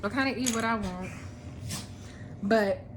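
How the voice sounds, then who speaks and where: A woman in her thirties talking casually to camera at home, relaxed and rambling with lots of ums. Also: fairly high pitch, unhurried, background noise. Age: 30s. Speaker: vlogger. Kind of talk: casual chat.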